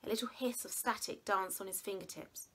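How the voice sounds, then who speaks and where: A woman reading a children's novel aloud with expressive storytelling. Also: medium pitch, a little fast, husky. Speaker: reader.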